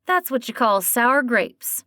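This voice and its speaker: A woman's voice: a little high, animated, slow pace, bright, forceful tone, no echo, studio quality, pitched above the performer's own voice, exaggerated voice. Woman voicing a breezy café customer.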